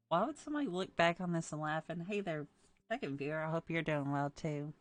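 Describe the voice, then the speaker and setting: A woman's voice: low voice, a little fast, dry recording. A woman streamer reading a visual novel's text aloud and breaking off with amused comments about the dialogue. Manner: amused asides, laughs at the dialogue.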